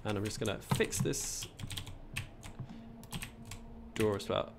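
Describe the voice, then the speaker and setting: A man's voice: on the low side, big pitch swings, slow pace, creaky, background noise. A man with a posh English accent, chatting casually on a gameplay livestream, rambling and reading out chat as he builds. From England.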